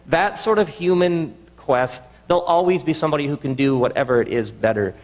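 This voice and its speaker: Earnest man telling a story in a hall. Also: medium pitch. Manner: halting, earnest, with many restarts. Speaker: speaker. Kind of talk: reflective storytelling talk.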